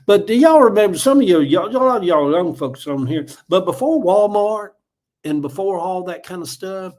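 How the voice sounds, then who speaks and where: A man's voice: high-pitched, animated, moderate pace, a little mellow. A middle-aged man with a Southern accent from Georgia, chatting casually on a livestream, rambling in a folksy way and reading viewer comments aloud. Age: 40s or older. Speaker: livestream host.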